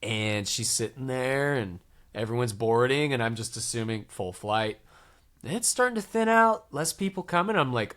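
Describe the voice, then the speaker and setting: A man's voice: mid-range voice, moderate pace. A man in his thirties, co-hosting a podcast, telling a story in a casual chat and acting out the quotes. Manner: animated, acts out quotes in lively voices. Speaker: podcast co-host.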